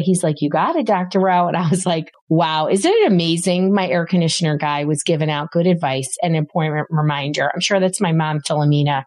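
A middle-aged woman hosting a parenting talk, giving advice in a lively conversational way and acting out quoted voices in her stories. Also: lowish voice, a little fast, few pauses, dry recording. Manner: animated storyteller, acts out quoted voices. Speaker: podcast host, parenting expert.

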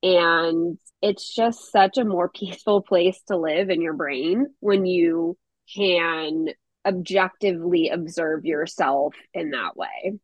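A woman's voice: lowish voice, slow pace, no echo, poor audio. A woman guest on a podcast, a mother, talking in an earnest, reflective way and laughing easily. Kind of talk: casual podcast conversation.

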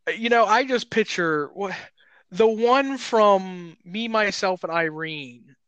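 A man co-hosting a podcast in casual chat, rambling and excitable, laughing often. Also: high voice, slow, clear, resonant tone, no room sound, dull audio. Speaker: podcast co-host.

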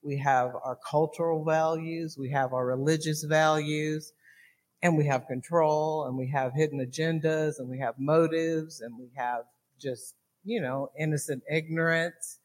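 A man's voice: fairly high pitch, steady tone, unhurried. An earnest man in a casual faith talk, listing his thoughts one after another.

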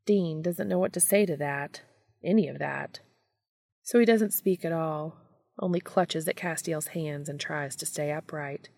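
A woman reading fan fiction aloud in a calm, even storytelling manner. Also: sits low, unhurried, creaky, no echo, clean studio sound. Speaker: podcast reader.

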